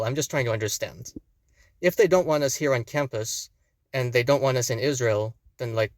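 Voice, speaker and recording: A man's voice: medium pitch, no echo. A young man giving scripted commentary, pointed and with sarcastic asides. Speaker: video commentator.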